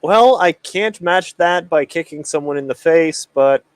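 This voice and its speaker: A man's voice: a little high, a little slow, clean tone, no room sound, clean studio sound. A man playing a tabletop game who asks the others questions about the rules. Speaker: player. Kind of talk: casual game chat.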